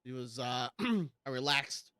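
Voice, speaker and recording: A man's voice: medium pitch, animated, slow pace, pushed and bright, smooth, no echo. A man in his thirties co-hosting a podcast, chatting crudely, swearing and laughing often. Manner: swears a lot, laughs often, says "dude". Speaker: podcast co-host. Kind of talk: crude casual chat.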